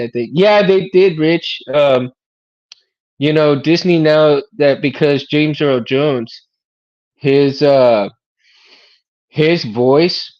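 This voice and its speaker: A man's voice: medium pitch, muffled recording. A man hosting a casual chat, rambling, repeating his words and laughing often. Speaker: host.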